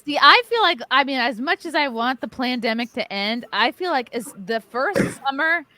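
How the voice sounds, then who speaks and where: A woman hosting a casual group chat over a video call, telling stories in an animated, jokey way. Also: sits high, normal speed. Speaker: podcast host.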